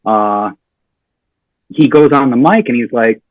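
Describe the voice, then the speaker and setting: A man's voice: medium pitch, measured pace, no room sound, phone-quality sound. A man telling a funny story on a podcast, acting out the lines of the people in it. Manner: animated storyteller acting out quotes. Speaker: comedian guest.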